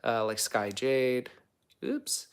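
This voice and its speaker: A man's voice: mid-range voice, expressive, drawn-out words, clear, resonant tone. A young man hosting a casual livestream, answering viewer comments in a rambling, chatty way full of fillers. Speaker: livestream host and actor.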